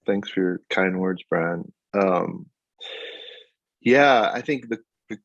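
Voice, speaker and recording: A man's voice: low-pitched, slow pace, vocal fry, dry recording. A man in his fifties, a guest songwriter in a casual interview, telling stories with animation and frequent laughter. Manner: animated storyteller, laughs often. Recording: dull lo-fi audio.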